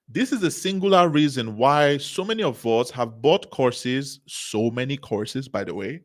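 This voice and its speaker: Speaking at a medium pitch, a man delivers an emphatic motivational talk to a business seminar crowd. He keeps circling back to key phrases and throws rhetorical questions at his listeners.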